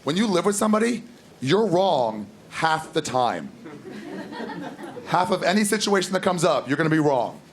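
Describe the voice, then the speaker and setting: A man in his thirties doing a stand-up comedy set on a club stage, telling crude stories in a deadpan way and breaking into loud acted outbursts. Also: a little high, moderate pace. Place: comedy club stage before a live audience. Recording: live club recording, loud laughing crowd.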